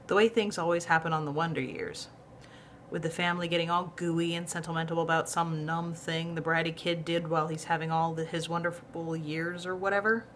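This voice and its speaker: A woman casually reading a novel aloud in a lively, conversational way. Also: deep voice, fairly quick, a little hiss or hum. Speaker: reader of a novel.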